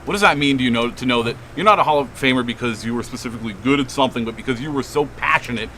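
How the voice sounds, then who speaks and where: A male radio host asking an interview guest measured, thoughtful questions. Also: mid-range voice, bright, forceful tone, slight background noise, poor audio.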